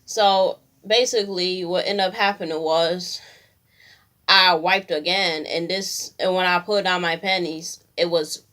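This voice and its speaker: A young woman tells a personal story to the camera in a casual, slangy way. She acts out what people said as she goes. Her voice sits a little low. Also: steady tone, a little slow, bright, forceful tone. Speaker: vlogger.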